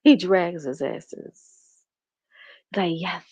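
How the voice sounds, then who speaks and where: A woman's voice: lowish voice, lively intonation, slow, a little mellow, no room sound. A woman streamer giving blunt, profane gossip commentary, mocking as she talks and laughing often. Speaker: reaction streamer. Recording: dull muffled stream audio.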